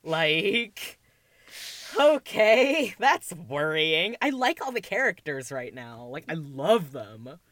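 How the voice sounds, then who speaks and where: A woman's voice: deep voice, animated, takes it slowly, few pauses, fairly bright tone, no echo, studio quality. A woman chatting casually as a podcast guest, laughing often and full of fillers. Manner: giggly, many fillers. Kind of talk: casual chat.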